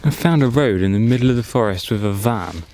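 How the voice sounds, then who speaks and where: A man's voice: fairly low pitch, lively intonation, fairly quick, dark tone. Guy rambling and joking on a forest walk, camera mic, bit of hiss. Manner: chatty, joking, thinking aloud. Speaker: vlogger. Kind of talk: casual vlog commentary. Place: outdoors in a forest.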